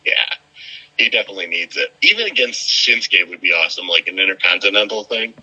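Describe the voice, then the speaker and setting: A man's voice: deep voice, fast talker, bright, forceful tone. A man co-hosting a podcast, chatting easygoingly about wrestling, laughing and agreeing a lot. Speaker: podcast co-host. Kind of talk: casual wrestling chat. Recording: muffled lo-fi sound.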